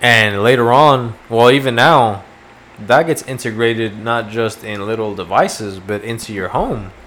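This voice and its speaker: A man's voice: fairly low pitch, a little slow, fairly bright tone, a little hiss or hum. A man co-hosting a casual podcast, telling stories animatedly with lots of swearing and laughter. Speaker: podcast co-host. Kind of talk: casual chat.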